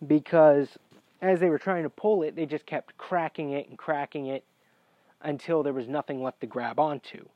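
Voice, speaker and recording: A man's voice: fairly high pitch, fairly even intonation, normal speed, no echo. A man telling a rambling personal story in a casual, profane way that gets heated. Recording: dry, dull lo-fi recording.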